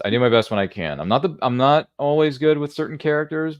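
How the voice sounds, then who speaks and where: A man's voice: medium pitch, fast talker, dry recording. A man hosting a movie watchalong, playful and chatty, reading out viewer comments. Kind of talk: casual chat on a movie watchalong.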